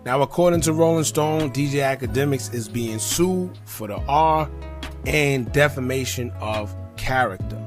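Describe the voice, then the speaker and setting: A man's voice: mid-range voice, moderate pace, soft background music. A man hosting a casual commentary show, chatty and promotional in tone. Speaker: host.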